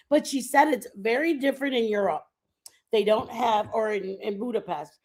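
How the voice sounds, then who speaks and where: A woman's voice: medium pitch, a little mellow. A woman in her fifties from the United States, chatting casually and rambling to her viewers on a live stream. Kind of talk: casual chat.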